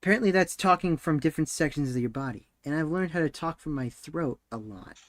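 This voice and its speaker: A man's voice: fairly high pitch, animated, brisk, crowd noise. A young man chatting casually while he streams himself doing 3D modeling, rambling and laughing often. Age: young adult.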